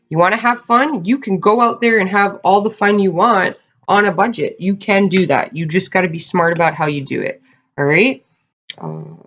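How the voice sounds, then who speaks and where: A woman with a lowish, slightly bright voice gives her viewers a casual tarot reading, chatty and laughing often as she talks to "you guys." The recording has a dull lo-fi sound.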